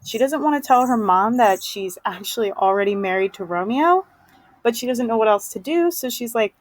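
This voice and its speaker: A woman's voice: fairly high pitch, animated, normal speed, no echo, low-quality recording. A woman teacher giving a casual, chatty lesson summary, full of fillers.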